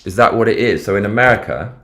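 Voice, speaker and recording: A man's voice: on the low side, fast talker, pushed and bright, a little hiss or hum. A man with a London accent hosting a casual livestream, rambling and swearing freely as he talks over the news and reads viewer comments. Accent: London English. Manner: rambling, profane, slangy. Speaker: livestream host.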